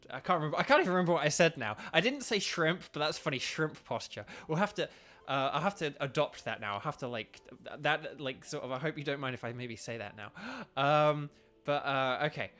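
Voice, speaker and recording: A man's voice: fairly high pitch, animated, a little fast, pushed and bright, soft background music. A young man chatting casually and rambling while streaming a video game. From United Kingdom. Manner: rambling, filler-heavy, chatty. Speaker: streamer and voice actor. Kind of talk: casual gaming stream chat.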